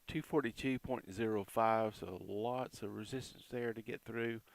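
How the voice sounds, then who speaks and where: A fairly low, gravelly voice with a fry-edged grain belongs to a man chatting casually through crypto price charts. He rattles off support and resistance figures amid quick asides, and the recording is dry and close with no room sound.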